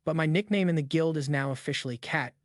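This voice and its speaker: A man's voice: a little high, fast talker, dry recording, natural voice. A man voicing a young outcast hero who asks anxious questions, read as a dry recap voice-over. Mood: nervous. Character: young male academy outcast, nervous hero.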